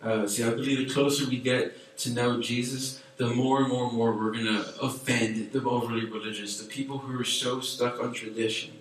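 Animated youth pastor, echoey room. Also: male voice, mid-range voice, normal speed, few pauses, recorded from a distance. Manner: animated, chatty preaching with many fillers. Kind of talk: sermon to a youth group.

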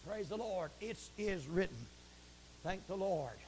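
A man preaching a fiery broadcast sermon from the pulpit, swinging from shouts to hushed asides and repeating stock phrases. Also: high-pitched, lively intonation, unhurried, a little hiss or hum. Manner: repeats stock phrases like praise the Lord and it is written.

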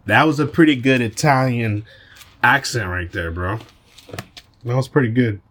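A man's voice: mid-range voice, normal speed, fairly bright tone, slight background noise. A man hosting a podcast, talking casually in a brash, boastful and profane way. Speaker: podcast host.

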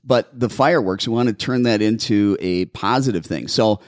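A man hosting a pet-advice show as a dog behaviorist, giving animated, step-by-step training instructions in casual chat. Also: fairly low pitch, normal speed, no echo, clean studio sound. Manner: animated, instructive, repeats steps. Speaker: dog behaviorist, podcast host.

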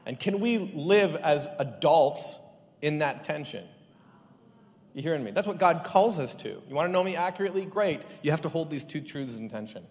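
Guy preaching, jokey and animated, kinda high voice, long echo off the hall. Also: normal speed. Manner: lively, joking, rising to animated emphasis. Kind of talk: sermon with personal stories.

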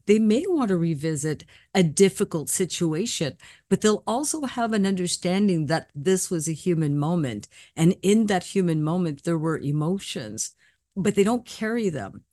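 Low-voiced woman, earnest medium. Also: animated, normal speed, dry recording, clean studio sound. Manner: earnest, storytelling, gentle reassuring tone. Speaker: psychic medium. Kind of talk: casual panel discussion.

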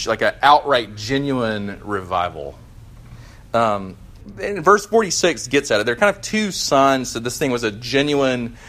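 Conversational male preacher. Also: mid-range voice. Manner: conversational, animated, with fillers and restarts. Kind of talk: sermon.

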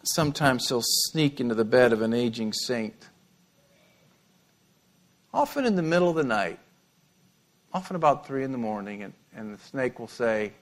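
A middle-aged male pastor preaching an animated sermon, with humorous asides and repeated words. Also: medium pitch, normal speed, long pauses.

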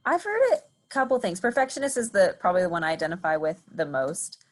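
Relaxed, lower-voiced woman guest. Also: quick pace. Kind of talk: casual chat.

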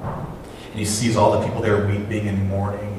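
A pastor preaches a sermon, engaging the congregation with rhetorical questions in a lowish, monotone voice at a moderate pace. He sounds far off in an echoey hall, with a noisy background.

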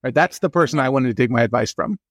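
A man hosting a comedy podcast, chatting playfully with quick self-deprecating asides. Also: mid-range voice, a bit bright, no room sound, studio quality. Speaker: podcast host. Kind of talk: casual comedic podcast chat.

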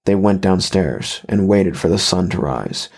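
A man reading a horror story aloud in measured, even scripted narration. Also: low-pitched, husky.

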